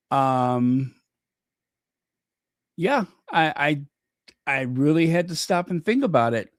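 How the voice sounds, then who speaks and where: A man's voice: on the high side, lively intonation, slow, long pauses, no echo. A man hosting a casual livestream, chatting in a rambling way with many fillers and restarts, close to the mic. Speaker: channel host.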